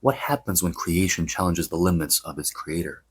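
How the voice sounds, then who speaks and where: A man's voice: low voice, moderate pace, husky. A man with a Greek accent hosting a podcast, telling stories in a chatty, digressive way with playful jokes. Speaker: podcast host. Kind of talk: casual podcast storytelling.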